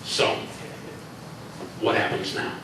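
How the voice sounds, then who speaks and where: A man reading his own story aloud to a convention audience in a library room, animated with chuckling asides, recorded from far off in an echoey room. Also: slow pace, background noise.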